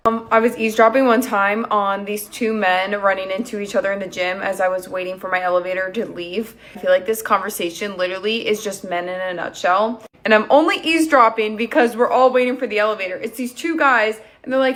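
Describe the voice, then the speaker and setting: A woman's voice: fairly high pitch, fairly quick, hardly any pauses, a bit bright. Chatty woman telling a story. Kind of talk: casual chat.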